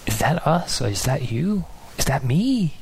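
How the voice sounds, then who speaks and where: A man's voice: fairly high pitch, very animated, a little slow, gravelly, a little hiss or hum, poor audio. A man preaching a sermon in an earnest, searching way, sometimes losing his place and restarting.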